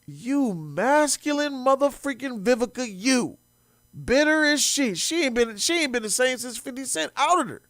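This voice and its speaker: A man hosting a commentary show, reacting with mocking, animated talk that swings between loud and quiet. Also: very high-pitched, normal speed, no echo, clean studio sound.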